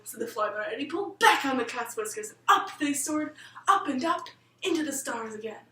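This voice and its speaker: A woman telling a bedtime story in a lilting, expressive manner. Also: high-pitched, brisk, distant mic. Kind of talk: storybook narration. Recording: roomy room, voice set back from the mic.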